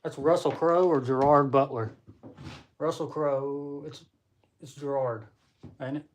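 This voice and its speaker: A man's voice: mid-range voice, fairly even intonation, measured pace, slight background noise. A man hosting a casual live stream, rambling and chatting with viewers as he reads their comments. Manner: rambling, chatty, laughs often; talks to viewers while reading comments. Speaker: livestream host.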